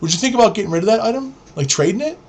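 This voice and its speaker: Guy putting on a higher whiny teen gamer voice, all fake-friendly and scheming. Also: animated, very fast, darkish tone, slightly rough, full character voice. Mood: wheedling. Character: manipulative scheming teenage boy gamer.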